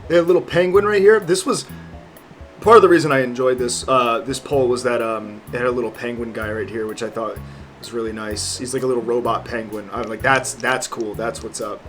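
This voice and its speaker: A man's voice: mid-range voice, fairly even intonation, a little fast, fairly bright tone, faint music behind. A young man in his twenties chatting casually as a vlogger, rambling and joking with lots of fillers and swearing. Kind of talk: casual chat.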